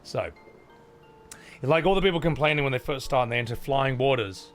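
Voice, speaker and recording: A man's voice: mid-range voice, a little fast. A man casually commenting while playing a video game, chatty and swearing freely, laughing often. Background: game music.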